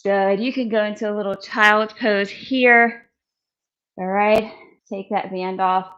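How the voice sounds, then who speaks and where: Woman trainer leading a core workout, unhurried, encouraging, counts reps, slightly winded, mildly dull audio. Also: mid-range voice, fairly even intonation, a bit bright. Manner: encouraging, counts reps aloud, demonstrates while talking. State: out of breath. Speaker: fitness instructor. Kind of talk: coaching a follow-along workout.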